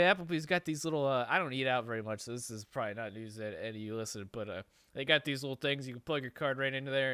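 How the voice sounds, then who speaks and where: A man's voice: medium pitch, bright, forceful tone, clean tone, no room sound. A man telling a story on a podcast in a casual, rambling way, swearing and laughing often. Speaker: podcast host. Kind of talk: casual chat.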